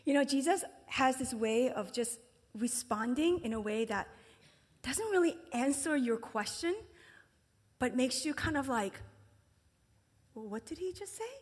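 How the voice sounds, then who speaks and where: A woman with a high voice preaches in a casual, conversational way. She acts out the voices of the people in her story and sometimes drops to a whisper for emphasis. Her voice carries a long reverb from a large hall. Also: expressive, a little slow, husky. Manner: conversational, acts out quoted voices with big pitch jumps. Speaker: speaker at a ministry gathering. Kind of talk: sermon.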